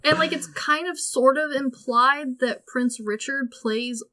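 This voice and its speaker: A woman's voice: high voice, a little slow. A woman co-hosting a podcast, chatting casually and sarcastically about a movie, acting out lines as she goes. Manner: sarcastic, animated, acts out quotes. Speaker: podcast co-host. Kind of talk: casual movie review chat.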